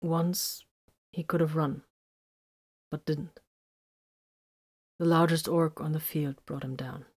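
A woman reading the part of a quiet male warrior who speaks slowly and haltingly, in a storybook reading. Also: sits low, fairly even intonation, breathy edge, exaggerated voice. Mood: solemn. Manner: slow and halting.

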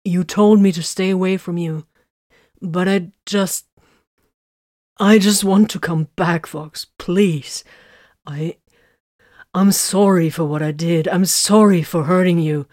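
A woman reading a story, voicing a remorseful wounded male soldier who pleads in halting, apologetic words. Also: fairly low pitch, steady tone, a little mellow, no echo, studio quality. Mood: pleading.

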